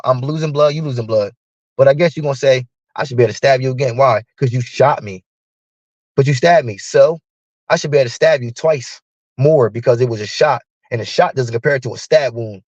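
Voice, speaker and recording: This medium-pitched man is a live streamer telling a heated, swear-filled story in which he voices both sides of a fight with his partner. The audio is dull, with no room sound.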